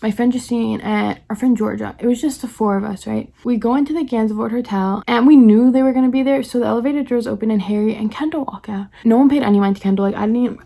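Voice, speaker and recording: A young woman from the New York area, chatty and excited, telling a personal story on her vlog and acting out the quoted lines. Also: on the high side, creaky. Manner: rapid, chatty, heavy use of "like", acts out quoted lines. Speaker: vlogger.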